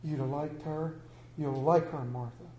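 A man playing a grieving old widower who speaks haltingly and tenderly to his late wife, later turning gruff and rousing. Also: fairly high pitch, fairly even intonation, dark tone, echoey room, natural voice, rough recording.

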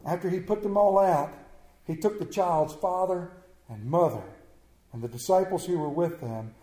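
In an echoey church, a man with a high, warm voice preaches at a moderate pace. His sermon is emphatic and plain-spoken, full of rhetorical questions, repeated phrases and folksy asides.

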